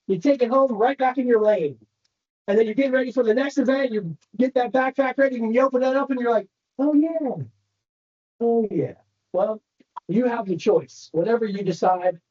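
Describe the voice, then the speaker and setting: A man giving an animated motivational training talk to a room of real estate agents, telling stories and asking the crowd questions. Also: sits high, muffled recording. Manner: animated storytelling, addresses the crowd directly.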